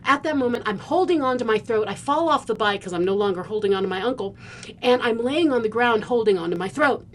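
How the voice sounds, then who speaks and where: A woman from the Philippines, a podcast host, telling a personal story in an animated way and acting out the scenes. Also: on the high side, fast talker. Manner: vivid storyteller who acts out the scenes.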